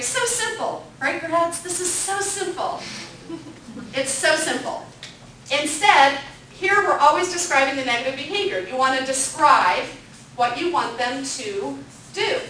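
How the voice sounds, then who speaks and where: Brief: high-voiced woman instructor, bright tone, echoey room, distant mic. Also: animated, unhurried, slight background noise. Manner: upbeat, asks the group questions, repeats their answers. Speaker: parenting class instructor. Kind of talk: interactive classroom lecture.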